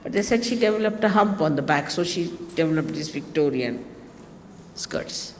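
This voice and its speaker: A woman's voice: sits low, animated, moderate pace. Woman telling rambling anecdotes in a hall. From India. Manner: rambling, digressive, with exclamations and asides to listeners. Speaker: speaker giving a talk. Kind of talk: anecdotal storytelling talk. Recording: reverberant hall with faint background noise.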